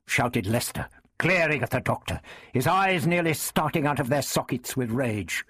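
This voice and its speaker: A man reading a historical novel aloud in an expressive storytelling manner. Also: medium pitch, moderate pace, husky, no echo, clean studio sound. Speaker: narrator.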